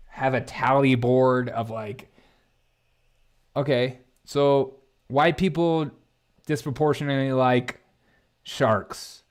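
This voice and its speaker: A man hosting a live-stream commentary show, reacting to headlines and chat in a sarcastic, mocking way. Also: medium pitch. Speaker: political commentary host.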